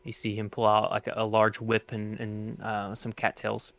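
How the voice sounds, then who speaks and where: A man's voice: on the low side, monotone, unhurried, fairly bright tone, faint music behind. A man narrating as game master of a tabletop game, with many hesitant filler sounds.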